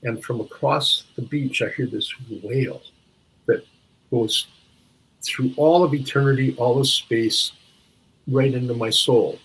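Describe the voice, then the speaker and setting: Slow and fairly even in intonation, this older Minneapolis man has a mid-range, fairly bright, husky voice caught on a low-quality recording. As an interview-show guest, he tells stories reflectively, frequently restarting while hunting for words.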